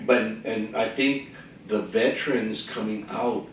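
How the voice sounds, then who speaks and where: A man's voice: on the low side, a little slow. A man chatting casually about everyday encounters, slipping into the voices of the people he quotes. His voice rings around a very echoey room, picked up from a distance with a faint hiss behind it. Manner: animated, acts out quoted exchanges. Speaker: veteran guest on a panel. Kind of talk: casual storytelling in a group chat. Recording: echoey room, voice from far off mic, faint noise.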